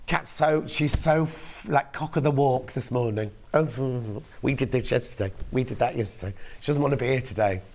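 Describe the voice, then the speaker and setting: A man's voice: mid-range voice, moderate pace, hardly any pauses, darkish tone. A man hosting a live shopping channel show while losing his voice, chatting and joking with viewers. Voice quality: croaky, gravelly. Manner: chatty, self-mocking banter with viewers. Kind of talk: live sales presenting.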